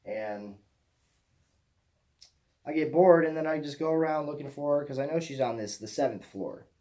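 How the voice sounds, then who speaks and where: A man's voice: fairly high pitch, normal speed, mellow. A young man from Michigan telling a rambling personal story as a vlogger, swearing casually and often repeating himself. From Michigan, USA.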